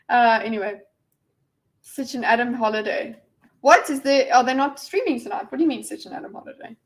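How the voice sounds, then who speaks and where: A woman's voice: fairly high pitch, moderate pace, long pauses, low-quality recording. Rambling woman livestreaming. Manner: rambling, giggly, self-deprecating. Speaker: livestream host. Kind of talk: casual livestream chat.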